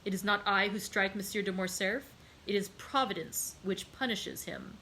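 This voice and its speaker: A woman reading aloud and voicing a vengeful aristocratic count who speaks with calm, measured iciness. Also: medium pitch, a little hiss or hum, poor audio. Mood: cold.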